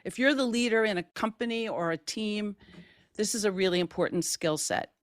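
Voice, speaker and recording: A woman's voice: mid-range voice, moderate pace, no echo. Middle-aged woman podcast host, chatty storyteller, laughs a lot, dry close mic. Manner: animated storytelling, laughs often. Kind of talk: casual conversation.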